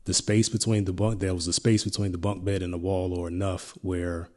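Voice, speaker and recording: A middle-aged man hosting a podcast, telling a personal story in a reflective, halting way with many restarts. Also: low voice, level tone, warm tone. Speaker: podcast host.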